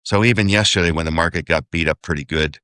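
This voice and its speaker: An investor guest in a casual interview speaks in a very low-pitched voice with a bright, forceful edge, fast and smooth. He rambles, does sums aloud, and keeps asking "okay?" as he goes. The recording sounds close and dry.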